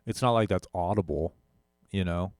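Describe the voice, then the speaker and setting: A man's voice: low-pitched, normal speed, loud music behind the voice. A young man, a musician, casually talking through an audio gear comparison, rambling and correcting himself as he goes. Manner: rambling, self-correcting, with frequent fillers. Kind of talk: casual tech demo talk.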